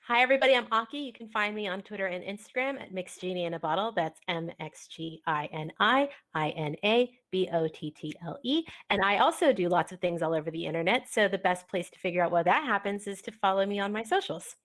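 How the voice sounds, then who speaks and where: A woman's voice: mid-range voice, lively intonation, brisk, few pauses, a bit bright. A woman playing a tabletop game who explains her moves hesitantly, thinking aloud. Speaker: player. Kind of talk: casual tabletop play.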